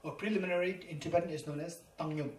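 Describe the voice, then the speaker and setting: This dharma lecture comes from a man whose voice is a little high, with fairly even intonation and a racing pace. His Buddhist teaching is emphatic and repetitive, and he spells terms out letter by letter, captured on a distant mic in a roomy space with faint noise.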